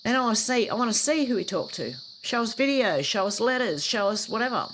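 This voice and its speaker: A woman's voice: on the high side, expressive, a little fast, fairly bright tone, poor audio. A woman hosting a casual live stream, reading out comments and cutting in with blunt, scornful remarks. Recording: clear background noise with crickets.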